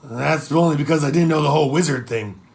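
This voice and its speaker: A boastful, jolly pirate king, voiced by a man, blusters loudly with a raised, gravelly voice. He teases and exaggerates in this storybook reading. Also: fairly high pitch, quick pace, close to an everyday voice. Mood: blustering. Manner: blustering, teasing.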